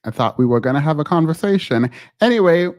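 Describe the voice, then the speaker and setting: A man hosting a casual live call-in stream, animated and laughing, often breaking off mid-sentence. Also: on the high side, fast talker. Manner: animated, laughing, self-interrupting.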